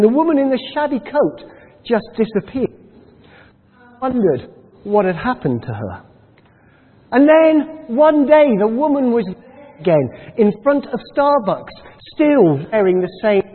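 High-voiced man telling a sermon story. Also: husky. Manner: animated, dramatic storytelling with pauses. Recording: tinny phone-like sound with long hall reverb.

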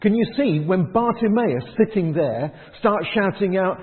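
A man's voice: high-pitched, animated, measured pace. Male pastor, chatty sermon style, long reverb. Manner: conversational, rhetorical questions, acts out quoted voices. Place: church hall. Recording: tinny phone-like sound in a long-echo hall.

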